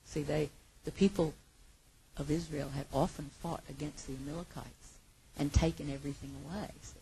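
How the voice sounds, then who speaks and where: A woman preaching a sermon with passion, her voice moving between hushed and loud. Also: low-pitched, fairly even intonation, normal speed, gravelly, slight background noise, low-quality recording.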